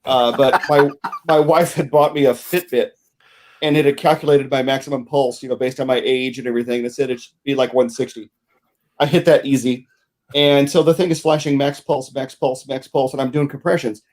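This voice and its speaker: A man's voice: mid-range voice, fairly even intonation, a little fast, a little mellow. Wry male podcast co-host. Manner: wry, frank storyteller. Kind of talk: casual podcast chat.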